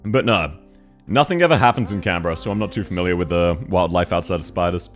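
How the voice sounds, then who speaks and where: A man's voice: sits low, fast, faint music behind. An Australian man streaming and chatting casually, joking and laughing often with crude banter. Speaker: game streamer. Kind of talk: casual livestream chat.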